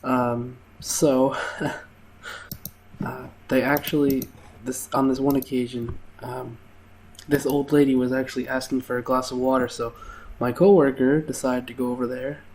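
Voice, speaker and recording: A young man hosts a gameplay video, casually recounting funny stories from his time as a waiter, full of fillers and laughter. His mid-range voice barely moves in pitch and sounds a little slow and mellow. There's slight background noise.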